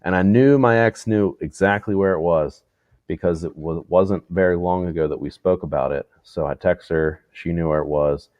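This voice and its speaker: A man's voice: low-pitched, normal speed, no echo, highs cut off. A man co-hosting a podcast in casual chat, swearing freely and laughing as he tells stories. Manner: swears freely, laughs often, animated storytelling. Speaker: podcast co-host.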